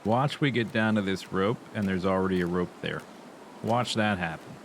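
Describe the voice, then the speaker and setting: A low-voiced man streams a survival game at a moderate pace, chatting casually and playfully to himself and sometimes humming nonsense sounds. There's a little hiss or hum in the recording.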